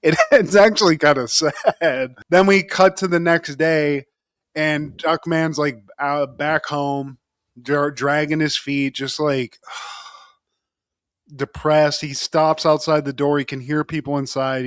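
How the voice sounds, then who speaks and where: A man's voice: on the high side, fairly bright tone, dry recording. Male podcast co-host, casual and jokey, medium voice, dry studio sound. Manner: laid-back, joking, swears casually. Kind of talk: casual chat.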